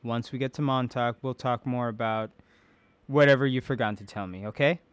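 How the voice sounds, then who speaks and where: A man voicing a kind, patient mother who speaks softly and evenly. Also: medium pitch, moderate pace, clear, resonant tone, voice pushed up, lightly acted. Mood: soothing. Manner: soft, calm and even. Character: gentle patient mother, kind and even-tempered.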